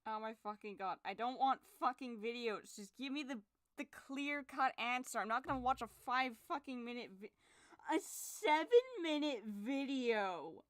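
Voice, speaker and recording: A woman's voice: a little high, moderate pace, fairly bright tone, no echo, studio quality. A young woman digital artist, muttering and swearing in exasperation to herself as she works. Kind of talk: frustrated casual talk while drawing.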